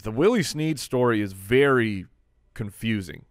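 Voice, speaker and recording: A man co-hosting a casual sports podcast, easygoing and quick to agree with the others. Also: on the low side, expressive, dry recording, clean studio sound. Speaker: podcast co-host.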